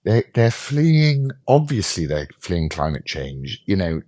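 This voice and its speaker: A man's voice: big pitch swings, takes it slowly, darkish tone, no room sound, clean studio sound, full character voice. A man putting on a sarcastic, exaggerated voice of a preachy male climate activist. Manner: sarcastic, exaggerated, high falsetto-ish lilt.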